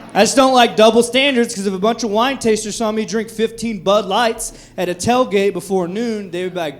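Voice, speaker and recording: A man's voice: sits high, brisk, slight background noise. A man in his thirties doing a brash, profane stand-up comedy set at a comedy club. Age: 30s. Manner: brash, profane, animated delivery. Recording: live club recording with crowd laughter. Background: audience laughter.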